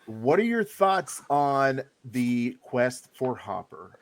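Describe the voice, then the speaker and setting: A man's voice: mid-range voice, sing-song, takes it slowly, a little hiss or hum. A man hosting a casual podcast chat, joking as he leads the discussion. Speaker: podcast host.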